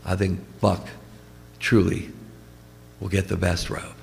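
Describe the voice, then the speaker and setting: Priest, male, gravelly, conversational storyteller, church with long reverb. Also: low voice, monotone, slow. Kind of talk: funeral homily.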